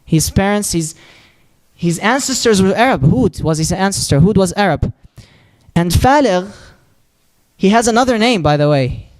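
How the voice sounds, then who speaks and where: A man's voice: high voice, expressive. A man teaching a religious lesson, explaining step by step and answering his own questions. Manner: recites Arabic supplication quickly and softly. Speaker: Islamic teacher.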